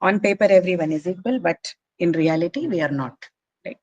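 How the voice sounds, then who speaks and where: An animated English literature teacher with a lowish, slightly mellow voice talks a little fast as she explains figures of speech to her class. She patiently checks that students follow, in a low-quality recording with no echo.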